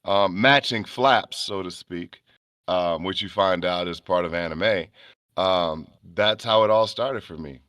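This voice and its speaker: A man's voice: low voice, unhurried, no echo, clean studio sound. A man in his fifties from Chicago, a voice actor telling stories as a guest in a casual interview and slipping into character voices. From Chicago, United States. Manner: animated storyteller, slips into character voices.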